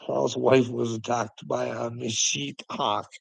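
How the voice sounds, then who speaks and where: A man's voice: medium pitch, fairly even intonation, slow pace, gravelly, husky, no echo, rough recording. A man ranting casually to a critic, taunting him with profanity and frequent chuckles. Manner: mocking, chuckling often, calls the listener "bud". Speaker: vlogger answering a critic. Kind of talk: casual rambling rant.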